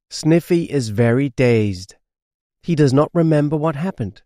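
A man reading a children's storybook aloud, slow, clear and expressive. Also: medium pitch, dry recording, studio quality. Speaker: audiobook narrator.

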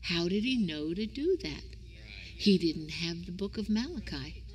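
A woman's voice: lively intonation, a little slow. Emphatic woman preaching in a reverberant hall. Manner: emphatic, rhetorical questions, rising to high exclaims. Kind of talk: sermon.

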